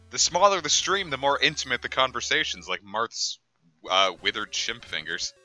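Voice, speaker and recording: A man's voice: medium pitch, sing-song, unhurried, pauses often, bright, forceful tone, soft background music. A man streaming a game, making rambling jokes and asides full of fillers. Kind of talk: casual gameplay commentary.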